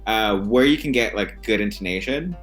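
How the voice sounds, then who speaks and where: A man who teaches English, answering in a relaxed, casual way with lots of fillers. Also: fairly low pitch, moderate pace, soft background music. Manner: relaxed, filler-heavy with many "like"s.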